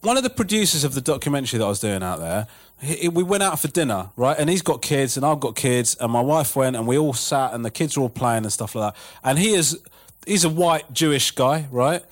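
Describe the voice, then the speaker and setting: A man telling a story in casual chat, animated and profane, laughing as he goes. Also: medium pitch, a little fast, hardly any pauses. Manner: animated, swearing, laughing through stories.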